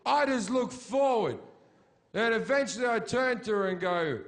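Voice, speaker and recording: A man performing a stand-up set in a theatre, swearing constantly and swinging between shouted rants and low, mumbled asides. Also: lively intonation, normal speed. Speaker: stand-up comedian. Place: sold-out theatre.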